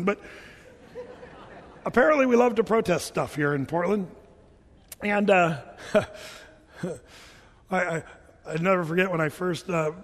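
A man preaching a sermon as a pastor, chatty and animated, sometimes chanting scripture lines. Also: on the high side. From Oregon. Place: church hall. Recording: reverberant church hall.

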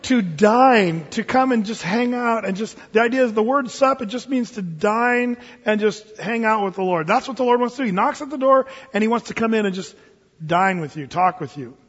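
A man in his forties preaching a sermon as a pastor, telling stories in an animated way and acting out the voices of the people in them. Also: sits high, moderate pace, in a large hall, dull audio. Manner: animated storytelling, acting out voices in quoted asides.

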